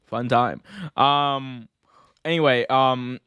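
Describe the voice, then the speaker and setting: A man hosting a casual podcast, ranting and joking in an animated way. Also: mid-range voice, takes it slowly, clean tone, no echo. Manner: animated, joking rants with mock voices. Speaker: podcast host. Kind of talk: casual chat.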